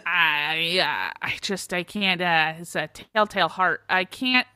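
A woman's voice: on the low side, a little slow, pushed and bright, smooth. A woman voicing a flustered, rambling man with a Minnesota accent, hesitating with lots of ums and uhs. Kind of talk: comedic impression in a podcast.

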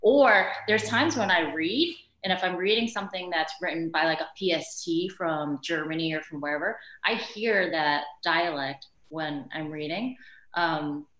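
A woman chatting as a podcast guest, candid and animated, laughing easily as she talks. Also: on the low side, reverberant, low-quality recording. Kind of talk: casual conversation.

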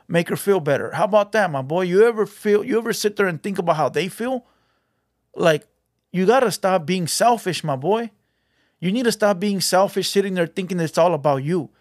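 A man's voice: sits high, dry recording, clean studio sound. A man giving a blunt, preachy street advice monologue as a reaction video host, mixing Spanish slang into his talk.

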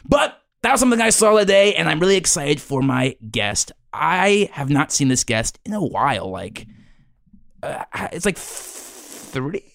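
A man's voice: a little high, big pitch swings, measured pace, creaky, fairly bright tone, no room sound, studio quality, heavily acted. A man playing a rambling teen podcast host. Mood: excited. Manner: rambling, full of likes and uhs, gossipy. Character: rambling teenage boy school podcast host. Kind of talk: improvised comedy podcast.

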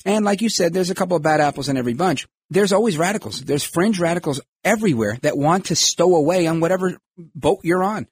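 A man's voice: high voice, lively intonation, fast talker, slightly rough. A man hosting a podcast, giving emphatic political commentary and acting out quoted voices. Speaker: podcast host.

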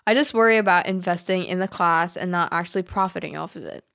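A woman co-hosting a podcast, reading a listener's letter aloud in a plain, steady way. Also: fairly low pitch, quick pace, creaky. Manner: plain, steady reading with small laughs at the jokes. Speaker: podcast co-host.

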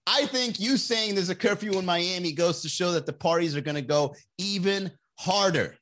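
A man's voice: sits high, moderate pace, a bit bright. A man ranting casually and comedically as a podcast host, loose and slangy, swearing and laughing at his own jokes. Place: Miami area.

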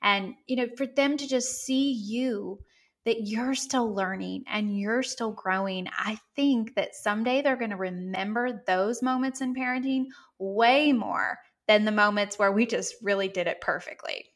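A woman's voice: medium pitch, a little slow. A woman in her thirties, an author talking earnestly and reflectively about parenting as a podcast guest. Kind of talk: podcast conversation.

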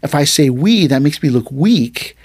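An aikido instructor hosts a martial arts podcast, casually chatting as he tells a story and acts out the voices in it with animated flair. His voice is a little high and slightly breathy, delivered at a moderate pace with no room sound.

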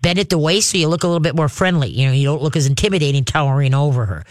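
A man giving casual dog-training advice to a caller, folksy and chatty, often checking in with "all right?" and sometimes slipping into a high coaxing dog-calling voice. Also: very fast, dry recording, clean studio sound. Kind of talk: casual radio advice chat.

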